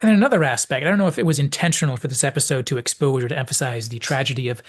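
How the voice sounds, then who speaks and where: A man's voice: medium pitch, racing. Man, video essay host, analytical commentary, reflective, thinking aloud.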